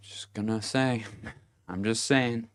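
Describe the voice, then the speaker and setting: A man's voice: fairly low pitch, fairly even intonation, slow. A man giving a casual motivational monologue to camera, blunt and profane, chuckling between his points. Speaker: vlogger.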